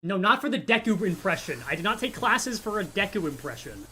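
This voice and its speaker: A man's voice: high voice, very animated, fairly quick, pushed and bright, slight background noise. A man streamer chatting casually, reading chat aloud and joking. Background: faint music.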